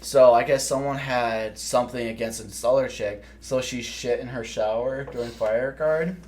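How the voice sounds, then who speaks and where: A young man co-hosting a podcast, telling animated, profanity-laced stories in casual chat. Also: mid-range voice, normal speed. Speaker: podcast co-host.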